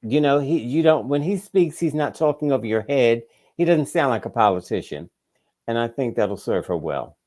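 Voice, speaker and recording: A man's voice: mid-range voice, animated, moderate pace, darkish tone. A man co-hosting a political talk show, sarcastic in casual chat. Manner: sarcastic, backs others with short replies.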